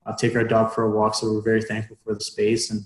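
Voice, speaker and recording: A man's voice: lowish voice, monotone, fast, roomy sound, soft background music, poor audio. A young man, a professional hockey player, chatting in an interview from home over a remote call, hesitant with many fillers and restarts. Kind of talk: casual interview chat.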